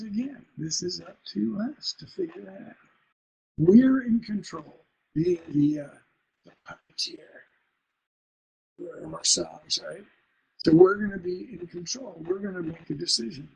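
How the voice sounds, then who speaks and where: A man gives a songwriting lesson in a slow, unhurried way. His voice is gravelly and slightly husky. He chants rhythm syllables to show where the stresses land. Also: high voice, fairly bright tone, poor audio. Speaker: songwriting teacher. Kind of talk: workshop lecture.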